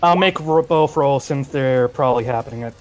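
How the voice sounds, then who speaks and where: A young man playing a tabletop game, talking in a brisk, matter-of-fact way. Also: medium pitch, a little mellow, soft background music. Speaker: player. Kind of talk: casual chat in a tabletop game.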